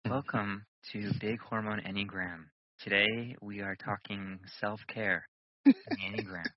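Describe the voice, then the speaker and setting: A man's voice: fairly low pitch, steady tone, a little slow, no echo, dull audio. A man hosting a podcast, chatting casually and teasing his co-hosts. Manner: jokey, teasing. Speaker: podcast host.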